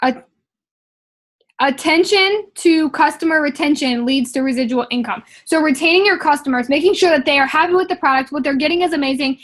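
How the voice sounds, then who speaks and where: A woman's voice: sits high, fairly quick, a bit bright. A young woman, talking through motivational sales-training notes in a casual vlog, chatty and emphatic with lots of "like" and "um". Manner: chatty and emphatic, heavy use of "like" and "um".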